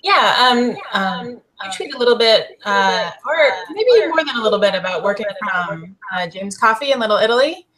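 A woman's voice: medium pitch, sing-song, moderate pace, few pauses, a crowd in the background, rough recording. A woman co-hosting a podcast, with a mid-range voice. She asks her question hesitantly and starts it with several ums. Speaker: podcast co-host. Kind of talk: casual podcast interview.

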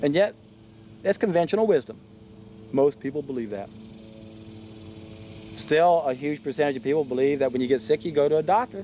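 High-voiced indignant man. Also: lively intonation, a little fast, pauses often, dark tone, slight background noise. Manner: indignant, emphatic, repeats key phrases. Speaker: video commentator. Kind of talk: monologue to camera.

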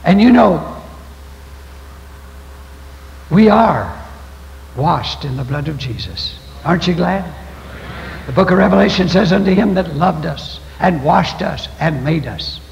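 A man's voice: on the high side, lively intonation, unhurried, creaky, long pauses, slight background noise. An older man preaching a folksy, storytelling sermon as pastor. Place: church sanctuary. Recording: echoey church hall, dull lo-fi 1990s tape.

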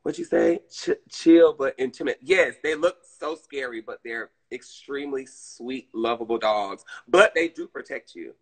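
A man's voice: mid-range voice, measured pace, gravelly, few pauses, rough recording. A man with a Southern US accent chatting casually on a live stream, addressing viewers and reading chat. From Southern United States.

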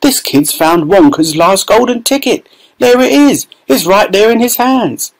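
A man voicing an excitable, well-fed middle-aged shopkeeper who shouts with excitement in a storybook reading. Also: medium pitch, moderate pace, close to an everyday voice, low-quality recording. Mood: ecstatic.

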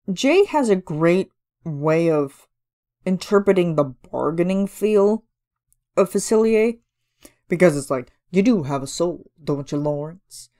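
A woman with a low, warm voice hosts a casual solo podcast from a room at home, reviewing a cover song. She chats and gushes enthusiastically, leaning heavily on fillers and sometimes singing snippets of the lyrics.

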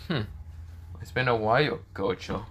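A man's voice: medium pitch, moderate pace, fairly bright tone, slightly rough. A man voicing a sly, smug young man who is an old school rival, in a casually narrated fan story.

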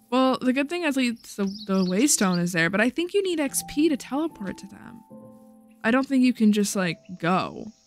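Woman, gaming host, casual let's-play chatter, playful, higher voice, faint music behind. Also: sing-song, moderate pace. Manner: playful, chatty, talks to herself while playing.

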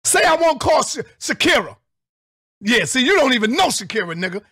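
A middle-aged man with a strikingly high, husky voice tears into a rival in a confrontational vlog rant. His pitch swings wildly as he swears and breaks into shouts. The sound is dry and close, with no room echo. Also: big pitch swings, a little fast. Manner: confrontational, profane, shouting bursts. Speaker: vlogger. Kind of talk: angry call-out rant.

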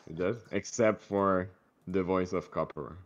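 Deep-voiced dude running a tabletop game, hesitant, muffled lo-fi mic. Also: male voice, a little slow. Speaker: dungeon master. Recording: dull lo-fi mic, faint music.

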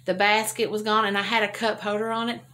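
A woman's voice: medium pitch, level tone, fast talker, bright, forceful tone. An older woman vlogger telling a rambling, chatty story to her viewers and laughing at her own jokes. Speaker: homesteading vlogger.

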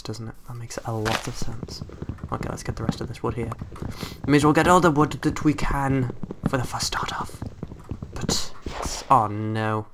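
A young man giving excitable, chatty commentary on a game he is playing, often exclaiming and talking to creatures in it. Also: mid-range voice. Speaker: gameplay commentator. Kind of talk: casual let's-play commentary. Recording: faint background hiss and typing clicks.

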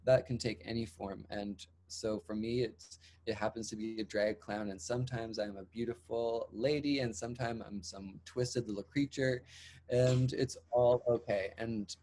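Canadian guy, drag clown, talking earnest and reflective about his life, voice sits a bit low. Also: steady tone, normal speed, mellow. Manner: earnest and reflective, with emphatic repeated phrasing. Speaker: interview guest, drag clown performer. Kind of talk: candid personal storytelling.

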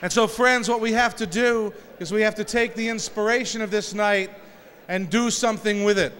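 A man's voice: high voice, fairly even intonation, moderate pace, fairly bright tone, a little hiss or hum. A man giving an inspirational speech with humorous stories to an audience, joking and telling folksy tales in a large hall. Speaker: speaker at a peace concert. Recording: reverberant hall recording.

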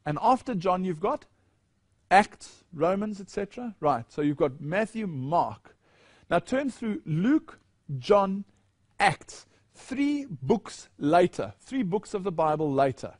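A male preacher with a high-pitched voice delivers a sermon, reading scripture passages aloud and putting questions to his listeners. The recording is dry and close, with little room sound. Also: a little mellow, no room sound. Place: church.

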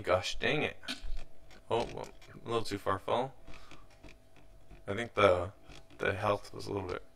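A young man gives loose, rambling gameplay commentary as a let's play host, restarting his sentences as he goes. His voice sits fairly low but sounds bright and forward, with a mild thread of frustration running through it. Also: creaky. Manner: rambling, self-correcting, mildly frustrated.

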